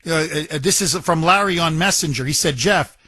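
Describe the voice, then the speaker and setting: High, bright-voiced indignant radio host. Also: male voice, normal speed. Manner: emphatic, indignant, repeats phrases and stumbles on words. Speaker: radio talk show host. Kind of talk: opinionated talk radio monologue.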